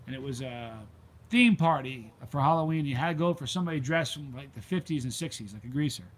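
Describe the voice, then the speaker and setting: A man's voice: a little high, a bit bright, rough recording. A middle-aged man hosting a casual vlog chat and telling a rambling story, with plenty of ums along the way. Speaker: vlog host. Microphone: handheld gimbal camera.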